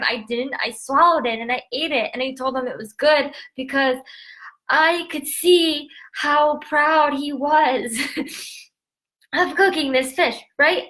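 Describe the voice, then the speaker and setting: Bright-voiced woman dietitian, laughing often. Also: sits high. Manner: emotional, laughs often, many fillers and asides. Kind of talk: casual talk to camera. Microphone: phone.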